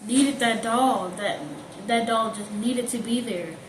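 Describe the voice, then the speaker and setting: A woman's voice: fairly high pitch, slow pace. Young woman retelling a story, far off. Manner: animated retelling with acted-out quotes. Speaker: host's daughter. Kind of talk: casual storytelling. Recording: echoey, distant from the mic, noisy background.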